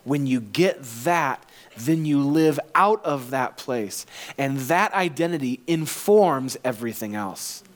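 A man voicing God in a sermon, speaking in a gentle, steady way. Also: medium pitch, slow pace. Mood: reassuring. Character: God, calm and reassuring.

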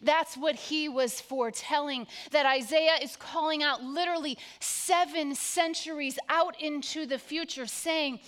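A woman's voice: sits high, fairly even intonation, measured pace, hardly any pauses, a bit bright. A woman pastor preaching a sermon to her congregation, with an emphatic, repetitive cadence.

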